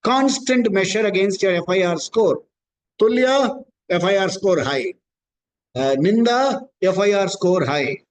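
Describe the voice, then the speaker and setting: A man with a notably high voice leads a scripture talk. He explains patiently, circling back to repeat his key points. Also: animated, unhurried, a little hiss or hum, poor audio. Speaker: spiritual teacher. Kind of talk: scripture discourse.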